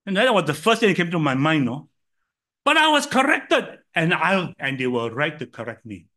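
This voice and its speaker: An older man with a Singaporean English accent preaching a sermon, telling stories and swinging from loud to soft. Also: fairly high pitch, big pitch swings, moderate pace. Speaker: pastor.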